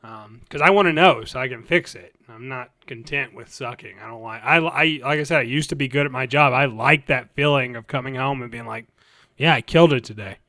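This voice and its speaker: Man, podcast co-host, casual movie chat, rambling, smooth clear voice, dry close sound. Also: medium pitch, a little fast, few pauses, pushed and bright, no room sound. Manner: rambling, restarts and trailing off.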